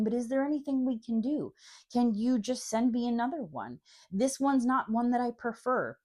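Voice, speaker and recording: A young adult woman reviewing a fountain pen in a vlog, telling the story with lively acted-out emails and replies. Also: mid-range voice.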